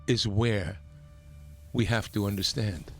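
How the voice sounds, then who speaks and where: A man hosting a talk radio show, delivering an impassioned, emphatic political monologue that climbs toward near-shouting. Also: lowish voice, steady tone, slow pace, vocal fry, faint music behind. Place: radio studio.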